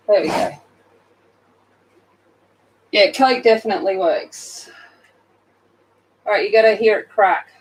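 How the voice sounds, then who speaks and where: A woman's voice: mid-range voice, slight background noise, poor audio. A sleepy Australian woman hosting a casual livestream from her phone, chatting with viewers and greeting them by name while she colours. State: sleepy, just woken up. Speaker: livestream host.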